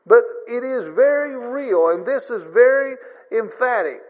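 A man's voice: very high-pitched, lively intonation, unhurried. A man preaching a sermon in an earnest, folksy way, rising in emphasis. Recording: long reverb, dull lo-fi sound.

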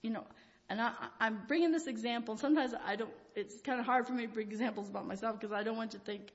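A woman's voice: a little high, fast. Older woman, folksy and rambling. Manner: rambling and folksy, with frequent chuckles. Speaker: lay speaker giving a Christian devotional talk. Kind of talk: informal devotional talk with personal stories. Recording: reverberant hall, dull lo-fi sound.

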